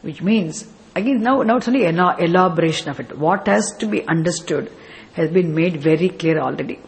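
A man's voice: on the high side, a little fast, gravelly. A man teaching a scripture class, explaining step by step with rhetorical questions and chanting verses. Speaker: spiritual teacher.

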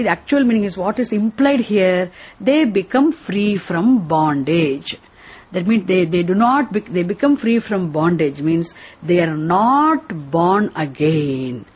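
A woman, teaching a scripture lesson slowly and deliberately, repeating phrases and asking rhetorical questions. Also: lowish voice, darkish tone, slightly rough.

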